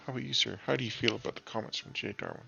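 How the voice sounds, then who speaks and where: A man's voice: medium pitch, big pitch swings, very fast, gravelly, bright, forceful tone, dull audio, full character voice. A man doing a breezy field reporter. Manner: breezy, showy. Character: upbeat male field reporter.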